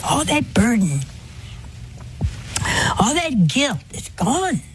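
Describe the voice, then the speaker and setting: Slow, folksy older woman preaching. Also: a little high, very animated, slight background noise. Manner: folksy, conversational, with rhetorical questions and gentle humor. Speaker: religious speaker. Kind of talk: talk to an audience on confession.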